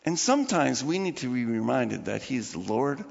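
A man's voice: mid-range voice, big pitch swings, moderate pace, gravelly. A man preaching a sermon as pastor, chatty and informal, with laughing asides to the congregation. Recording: muffled sound with long hall reverb.

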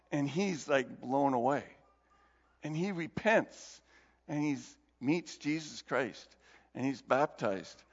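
High-voiced male pastor, lively storytelling. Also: vocal fry. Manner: animated, conversational storytelling. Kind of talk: sermon. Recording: dull recording in a long-reverb hall.

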